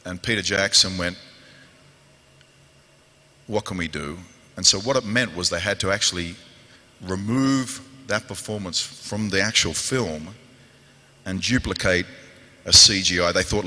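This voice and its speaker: A man with a New Zealand accent telling animated stories on a convention panel, acting out quoted voices and growls as he goes. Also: sits low. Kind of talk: animated storytelling to an audience. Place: large convention hall. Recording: echoey convention hall with long reverb.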